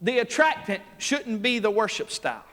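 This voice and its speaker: Man preaching revival, fairly high voice, folksy and laughing, long church reverb. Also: big pitch swings, normal speed. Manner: folksy storytelling, laughs often, builds to loud preaching. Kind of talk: revival sermon. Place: church sanctuary.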